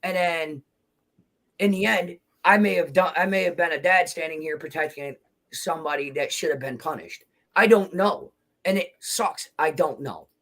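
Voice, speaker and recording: On a livestream panel caught up in a heated argument, a man with a fairly high, fairly bright voice talks at normal speed. He answers questions defensively and emotionally, rambling and restarting as he goes.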